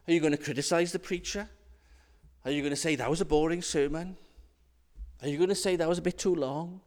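A man delivers a sermon in a slow, deliberate way, leaning hard on his rhetorical questions. His voice sits high and swings widely in pitch. A long reverb trails his words around the church. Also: a little mellow. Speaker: preacher.

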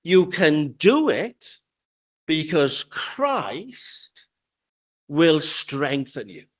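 Male preacher, high voice, unhurried, measured sermon delivery with careful emphasis. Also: big pitch swings. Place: church with pews.

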